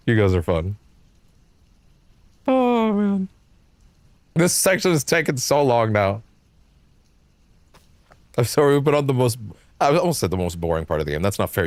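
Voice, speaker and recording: A man's voice: mid-range voice, dry recording. A man streaming a game live, rambling in casual commentary, full of fillers, swearing and frequent laughter.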